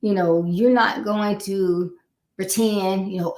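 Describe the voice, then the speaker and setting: In an echoey room, a Floridian life coach delivers a live motivational talk in a mid-range, expressive voice at a measured pace. Her style is conversational; she circles back to her key points and acts out whoever she's quoting.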